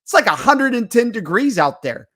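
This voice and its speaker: A man co-hosting a casual podcast, talking fast and swearing as he rants. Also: very high voice, no echo, studio quality. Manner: animated, swears a lot, ranting banter. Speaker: podcast co-host. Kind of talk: casual chat.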